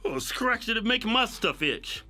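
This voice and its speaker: A man's voice: extremely high pitch, sing-song, measured pace, bright, forceful tone. A man co-hosting a casual comedy chat, mumbling and teasing crudely. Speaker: co-host.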